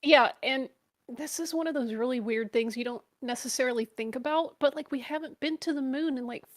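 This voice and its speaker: A woman's voice: high-pitched, brisk. A woman co-hosting a casual reaction chat, chatty and teasing. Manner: teasing, chatty, laughs easily. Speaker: co-host reacting to a video.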